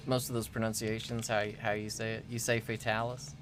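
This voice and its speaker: Speaking a little fast with a flat delivery and a fairly low pitch, a man co-hosts a gaming livestream over music. He rambles through casual chat and enjoys playfully mispronouncing words.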